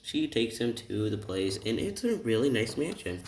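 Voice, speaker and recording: A man casually retelling a fan story in a rambling, halting way with many restarts. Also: medium pitch, very animated. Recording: roomy room, distant mic, faint hiss.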